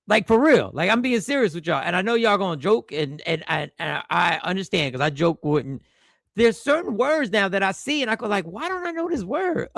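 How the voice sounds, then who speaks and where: A man's voice: a little high, vocal fry, fairly bright tone, no echo, studio quality. A man hosting a casual livestream, joking loosely and swearing now and then. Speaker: livestream host.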